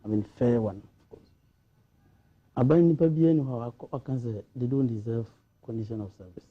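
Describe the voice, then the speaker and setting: A man's voice: mid-range voice, brisk, slightly rough, narrow, tinny audio. A man with a Ghanaian accent, a panelist in a studio discussion, talking animatedly and switching between Twi and English.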